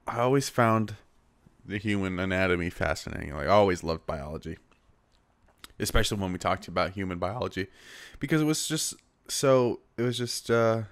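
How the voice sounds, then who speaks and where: A man's voice: lowish voice, a bit bright, dry recording. A young man hosting a casual solo podcast, talking in a rambling, self-deprecating way full of fillers and restarts, recorded on a small handheld recorder. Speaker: podcast host.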